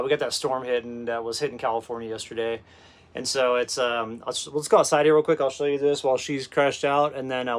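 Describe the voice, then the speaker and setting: A mid-range male voice comes through dry, low-quality phone audio as a man casually live streams from his rural off-grid property, easygoing and addressing viewers by name as "brother." He's outdoors on the windy land and inside a camper, with wind gusts and wind noise in the background.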